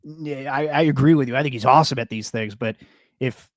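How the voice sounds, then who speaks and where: A man's voice: mid-range voice, brisk, no room sound, studio quality. Wry man teasing a guest. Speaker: podcast co-host. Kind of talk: casual sports chat.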